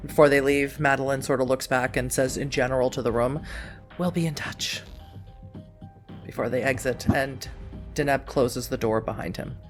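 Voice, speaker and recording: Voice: medium pitch, flat delivery, a little fast, faint music behind. Casual tabletop game master, loose joking narration. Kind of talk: running a tabletop role-playing game.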